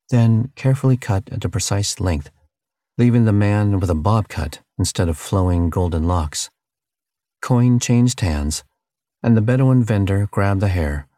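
A man narrating an audiobook in a steady, measured reading. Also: low-pitched, dry recording, studio quality. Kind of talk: scripted narration.

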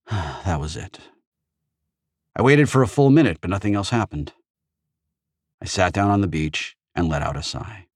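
A man narrating a first-person audiobook in steady storytelling. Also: sits low, no echo, clean studio sound.

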